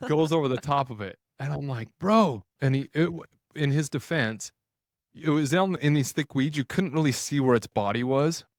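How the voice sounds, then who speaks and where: Dry, animated man telling a hunting story. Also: mid-range voice, moderate pace, no echo. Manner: animated, retells scenes with quoted dialogue and filler "like". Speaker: podcast guest. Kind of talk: casual storytelling.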